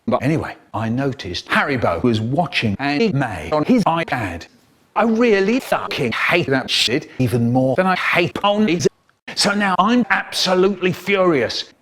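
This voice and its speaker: Theatrical older male storyteller, lively pitch. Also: normal speed. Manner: theatrical storyteller, swings between hushed asides and sudden bursts. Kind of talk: comic storytelling narration.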